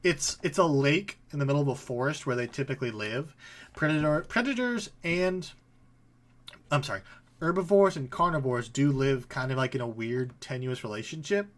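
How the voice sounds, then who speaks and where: A man's voice: mid-range voice, normal speed. Casual man running a tabletop game. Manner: casual, laughing, voices figures briefly. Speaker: game master.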